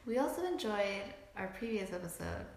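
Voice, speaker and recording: A woman's voice: medium pitch, big pitch swings, normal speed. Agreeable young woman, echoey room. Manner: agreeable, backs up her co-host with short replies, laughs. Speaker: podcast co-host. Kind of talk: casual chat recapping a TV show. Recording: echoey room with faint background noise.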